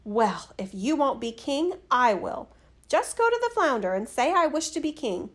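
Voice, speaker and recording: A woman's voice: high-pitched, sing-song, normal speed, a bit bright, exaggerated voice. A woman voicing a greedy, demanding fisherman's wife who bosses her husband. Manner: bossy and insistent.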